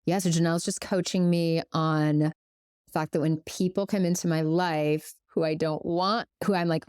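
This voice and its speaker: A middle-aged woman co-hosts a casual podcast, speaking frankly and playfully with a fairly low voice. She slips in sarcasm and casual swearing. Her voice sounds close and dry. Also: steady tone, normal speed, a little mellow, clean tone, dry recording. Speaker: podcast co-host.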